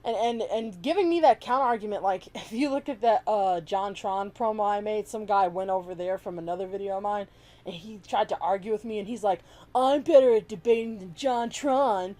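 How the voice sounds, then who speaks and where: A woman's voice: mid-range voice, brisk, darkish tone. A woman vlogger giving heated, profane opinion commentary, bluntly calling out people she disagrees with and mockingly imitating them. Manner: blunt, heated and profane, with sarcastic mimicking of others.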